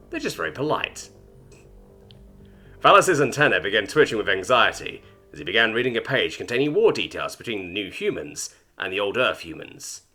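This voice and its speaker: A man narrating a science fiction story in an expressive, scripted reading. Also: lowish voice.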